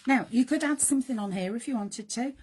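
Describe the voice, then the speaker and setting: A middle-aged woman hosts a live craft demonstration, chatty and self-deprecating as she thinks aloud while working. Her fairly high, slightly mellow voice moves at a quick pace and is turning croaky.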